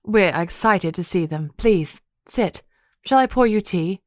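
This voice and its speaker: A woman's voice: on the low side, animated, a little slow, darkish tone, dry recording, studio quality. A woman voicing a gracious, proper countess who speaks in refined, formal phrasing. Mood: hospitable.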